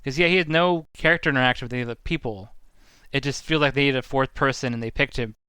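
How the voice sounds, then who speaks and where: A man's voice: medium pitch, fast talker, bright, forceful tone, clean tone, no echo. A man co-hosting a podcast, giving thoughtful, analytical opinions in casual chat, with vivid comparisons.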